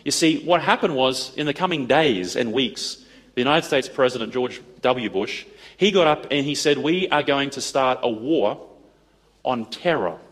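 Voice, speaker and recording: A man telling a story to an audience, acting out the dialogue in an animated way. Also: mid-range voice, normal speed. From Australia. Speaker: speaker addressing an audience. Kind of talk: storytelling talk.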